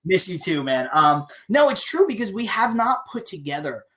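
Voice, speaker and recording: A man's voice: high-pitched, big pitch swings, moderate pace, pushed and bright. A man hosting a live stream, chatting casually and opinionated, with many restarts, reading viewer comments aloud. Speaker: show host.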